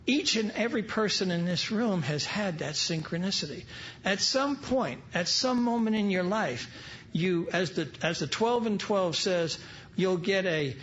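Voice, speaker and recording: A man's voice: high voice, a bit bright, a little hiss or hum. An older man from New York speaking at a recovery meeting, telling stories with humorous, wry asides. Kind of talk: storytelling talk to an audience. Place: large event hall. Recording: dull lo-fi live recording.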